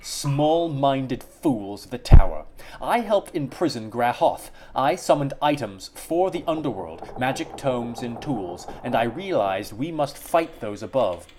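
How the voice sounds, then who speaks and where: A man's voice: medium pitch, big pitch swings, measured pace, few pauses, noisy background. A man reading as Erika, a cold vengeful sorceress.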